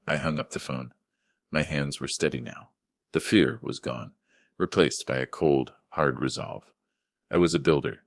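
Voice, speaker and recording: An older man narrating a scripted first-person story in a measured, grave manner. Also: very deep voice, vocal fry, dry recording, clean studio sound.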